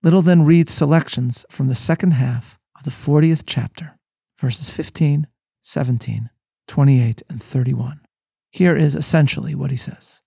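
A man hosting a scripted Bible lesson, speaking in a measured, scholarly, sermon-like way. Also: a little high, vocal fry, warm tone, breathy edge, no echo, clean studio sound. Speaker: host and rabbi.

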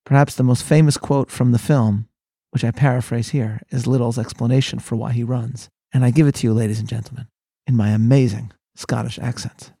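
A male rabbi delivers a measured sermon-style lecture. His voice is gravelly and mellow, with a husky edge. He reads quotations with dramatic emphasis. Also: medium pitch, steady tone, dry recording.

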